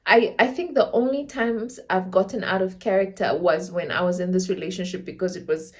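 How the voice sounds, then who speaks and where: A woman's voice: mid-range voice, fairly quick, darkish tone. A woman in her twenties from Namibia, casually telling a storytime vlog and acting out the other people's lines, with local slang mixed in. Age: 20s. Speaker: storyteller vlogger.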